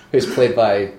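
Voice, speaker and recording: A man's voice: medium pitch, very noisy. A man hosting a casual film-review chat, joking and laughing often. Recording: echoey room.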